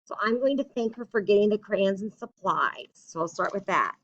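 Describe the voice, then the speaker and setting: A young woman teacher going through a writing lesson, dictating slowly and chatting in between. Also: medium pitch, expressive, fairly bright tone, highs cut off. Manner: slow and deliberate when dictating, chatty in between. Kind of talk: recorded classroom writing lesson.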